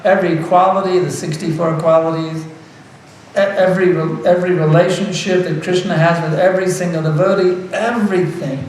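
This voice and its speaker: A man's voice: high-pitched, distant mic, a little hiss or hum. Earnest man lecturing in an echoey room. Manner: earnest, repeats words for emphasis, laughs lightly. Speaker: spiritual teacher. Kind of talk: devotional lecture.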